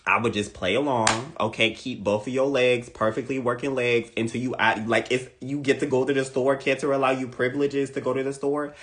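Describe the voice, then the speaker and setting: Playful, animated man joking about astrology. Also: mid-range voice, a little fast, few pauses. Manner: animated, playful, repeats lines for emphasis. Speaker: astrology content creator. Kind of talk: casual comedic astrology monologue.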